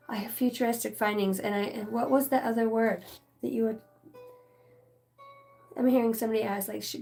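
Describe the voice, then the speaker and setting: A woman's voice: medium pitch, a little mellow. A woman giving a rambling, casual channeled reading, swearing freely and talking straight to her listeners. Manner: rambling, profane, chatty. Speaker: spiritual channeler.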